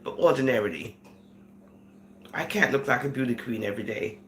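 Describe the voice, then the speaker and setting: A woman's voice: a bass voice, animated, fairly quick, slight background noise. A woman vlogger giving casual commentary, giggling between sentences and slipping into Caribbean-style phrasing. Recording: echoey room.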